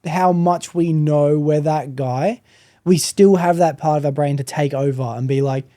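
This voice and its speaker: A man hosting a podcast, talking in a relaxed, slangy, reflective way. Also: on the high side, unhurried. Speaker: podcast host. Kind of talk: casual chat.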